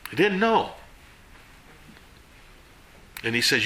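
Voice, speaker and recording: A man giving a casual sermon to a small group, folksy and animated, jumping between loud and hushed. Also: medium pitch, extremely slow, long pauses, reverberant, slight background noise. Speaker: Bible teacher.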